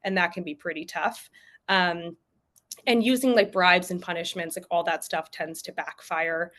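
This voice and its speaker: A young adult woman, a pediatric expert, giving casual, chatty advice over a video call and often acting out parents and toddlers in quick voices. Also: lowish voice, steady tone, fairly bright tone. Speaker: pediatric sleep and potty training expert. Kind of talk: presenting tips at a virtual event.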